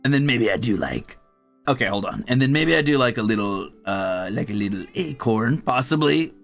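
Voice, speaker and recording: This is a streamer drawing and making casual talk, rambling, muttering under his breath, and poking fun at his cat. His mid-range voice has lively intonation and vocal fry, his pace is moderate, and soft music plays behind him.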